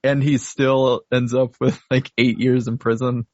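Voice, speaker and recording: A man's voice: mid-range voice, flat delivery, measured pace, dry recording. A man co-hosting a casual movie podcast, recapping the plot and laughing often. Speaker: podcast co-host. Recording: dull dry home recording.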